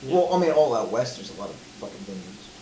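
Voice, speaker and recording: A man co-hosting a casual podcast, telling stories in an animated way and swearing casually. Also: mid-range voice, quick pace. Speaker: podcast co-host. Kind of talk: casual chat. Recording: roomy echo, crowd noise behind.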